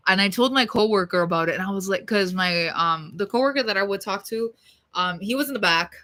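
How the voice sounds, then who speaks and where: A young woman with a bright, forceful voice tells a story on her livestream. She rants in a loose, profane, blunt way, full of "like" and "y'all." Her delivery stays casual and fired up. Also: medium pitch, brisk. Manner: heated, profane and blunt, with lots of fillers.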